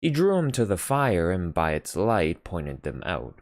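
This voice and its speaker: A deep-voiced man reading a classic novel aloud at an unhurried pace. His measured reading swings widely in pitch to bring out the drama. The recording is dry and close, with no room sound. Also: huge pitch swings, darkish tone, no room sound. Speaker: audiobook reader. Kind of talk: unhurried literary narration.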